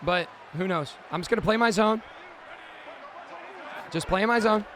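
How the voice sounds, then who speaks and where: A man with a high voice calls his own game plays with excited, shouting energy, like a streamer reacting live. Loud stadium crowd and game noise from the video game fill the background behind him. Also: measured pace. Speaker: gaming streamer. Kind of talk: excited gameplay commentary.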